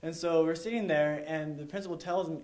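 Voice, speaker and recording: A man's voice: fairly high pitch, fairly even intonation, fairly quick, darkish tone. Young man telling a rambling story. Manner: rambling, heavy use of "like", chuckles while telling. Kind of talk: live storytelling to an audience.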